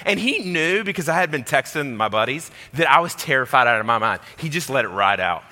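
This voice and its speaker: A young man telling a comic personal story, acting out voices and swinging between loud and quiet. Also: on the high side, expressive, fairly quick, few pauses. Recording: long hall reverb.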